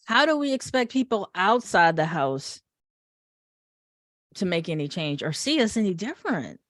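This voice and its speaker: A woman's voice: lowish voice, sing-song, moderate pace, fairly bright tone, no echo, studio quality. A woman hosting a discussion panel, backing up the guests and asking them questions. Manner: affirming, asks questions.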